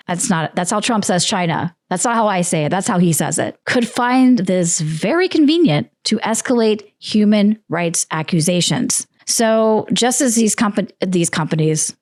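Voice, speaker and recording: A woman hosting a book commentary show, talking through a script with sarcastic asides and lively emphasis. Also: mid-range voice, no room sound, clean studio sound.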